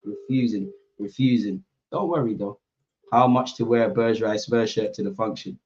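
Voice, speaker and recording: A man's voice: fairly low pitch, normal speed, muffled recording. Slangy young man hosting a football watchalong. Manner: animated, slangy, banter with chat. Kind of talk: casual chat to live viewers.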